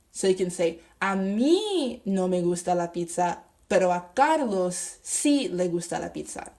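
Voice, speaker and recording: A young woman teaching a grammar lesson, talking slowly and deliberately while writing on a board and spelling things out. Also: lowish voice, darkish tone. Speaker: Spanish teacher.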